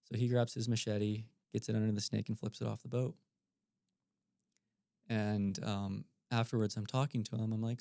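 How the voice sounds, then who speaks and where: A man telling stories as a podcast guest, relaxed and animated, with the odd filler um. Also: fairly low pitch, moderate pace, gravelly, no echo, clean studio sound. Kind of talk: casual storytelling.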